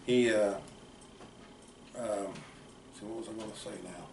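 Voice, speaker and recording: Speaking slowly and steadily in a lowish voice with vocal fry, an older American uncle rambles folksily through long family tales. The recording sounds roomy, with a distant mic and faint background noise.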